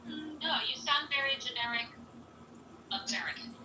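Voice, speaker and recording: A woman's voice: sits high, moderate pace, bright, forceful tone, soft background music. A woman with a Midwestern accent in casual podcast chat, chatty and enthusiastic, often restarting her sentences. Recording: echoey room, distant mic, faint noise.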